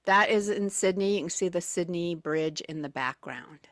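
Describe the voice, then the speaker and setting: On a radio show, a woman with a fairly low, fairly bright voice tells travel stories at a moderate pace, chatty and full of fillers and restarts. It's casual radio chat captured on a studio microphone with studio quality and no room sound.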